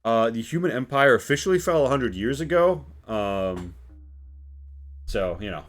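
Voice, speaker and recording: A man narrating a tabletop role-playing game as game master, relaxed with many fillers. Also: mid-range voice, normal speed.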